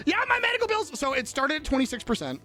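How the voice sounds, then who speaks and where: Streamer, casual chat, very animated pitch, giggly and foul-mouthed, soft music under. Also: quick pace. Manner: rambling, giggly, swears freely. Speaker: livestreamer.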